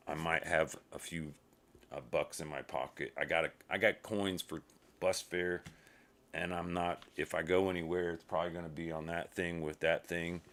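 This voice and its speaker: A man's voice: a bass voice, a bit bright. A man talking in a rambling casual monologue, wandering off track and muttering to himself as he goes. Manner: uses minced oaths. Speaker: solo streamer.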